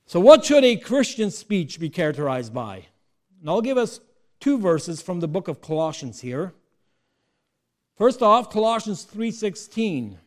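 His high, sing-song voice moves unhurriedly through a sermon that swings from quiet asides to loud, emphatic peaks. He frequently asks the congregation rhetorical questions.

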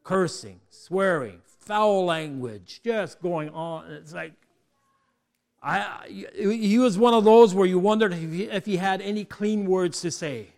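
A man preaches unhurriedly in a voice that sits high, shifting between quiet asides and loud, emphatic peaks. He often puts rhetorical questions to the congregation.

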